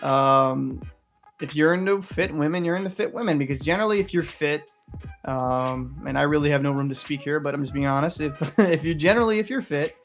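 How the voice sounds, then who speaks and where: A man's voice: on the high side, a little fast, faint music behind. A young man hosting a reaction video, talking candidly in a rambling, casual way and swearing freely. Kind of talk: casual commentary.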